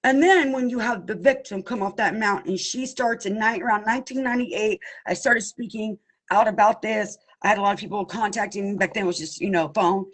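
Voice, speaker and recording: Husky woman giving emphatic testimony. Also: medium pitch, fairly quick, poor audio. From Pennsylvania. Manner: emphatic and pleading, addresses listeners as y'all. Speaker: abuse survivor speaking out. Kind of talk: impassioned personal testimony.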